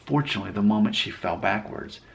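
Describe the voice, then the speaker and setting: Low-voiced man in a reflective vlog. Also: fast, gravelly, a bit bright. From Alabama. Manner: reflective, rambling, self-correcting. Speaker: vlogger. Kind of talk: casual storytelling vlog.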